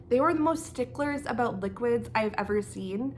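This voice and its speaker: A young woman from Canada telling an animated storytime as a knitting vlogger, laughing as she goes and acting out the dialogue. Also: a little high, a little slow, few pauses, a little hiss or hum. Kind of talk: casual storytime.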